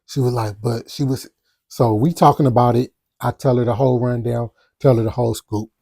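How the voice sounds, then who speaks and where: Male podcast host, dark and mellow, animated storyteller who does his own sound effects. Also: mid-range voice, brisk, gravelly, dry recording, clean studio sound. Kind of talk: casual storytelling.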